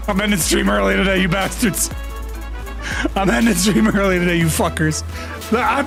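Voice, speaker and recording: A man's voice: sits high, steady tone, slow, vocal fry, pauses often. A young man live streaming, ranting at his chat in mock exasperation, swearing and laughing. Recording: faint music behind. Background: faint music.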